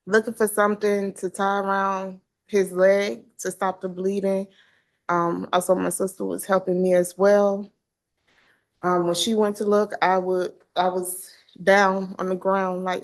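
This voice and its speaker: A woman's voice: medium pitch, flat delivery, a little slow. A woman testifying as a witness in court, giving brief, hesitant answers. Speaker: trial witness.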